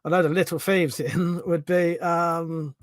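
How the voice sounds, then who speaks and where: A man's voice: a little high, fairly even intonation, unhurried, dry recording. A man with a Home Counties English accent hosting a casual live stream, reading out chat questions, thinking aloud and swearing freely.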